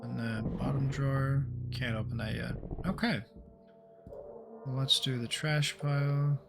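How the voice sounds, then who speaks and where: A man's voice: medium pitch, measured pace, creaky. A man streaming a horror game, reading its story text aloud and joking casually as he plays. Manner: casual and jokey, with swearing asides. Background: game music.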